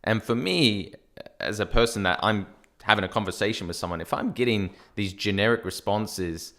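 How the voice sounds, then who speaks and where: An Australian man with a fairly low voice co-hosts a casual podcast chat. He talks in an animated way, tells stories and laughs often. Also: normal speed. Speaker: podcast co-host, software company founder.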